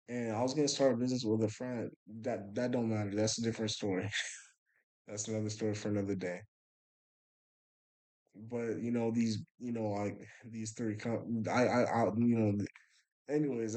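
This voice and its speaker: A young man with a slightly low voice tells a story late at night, sounding worn out. He rambles and stumbles through restarts and fillers as he goes, in a loose, casual vlog manner. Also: a little mellow, poor audio. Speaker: vlogger.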